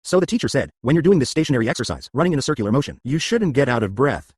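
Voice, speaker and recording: A man's voice: medium pitch, very animated, very fast, breathy edge, no room sound, clean studio sound. A man teaching an exercise lesson, explaining and often checking whether listeners follow. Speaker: exercise instructor.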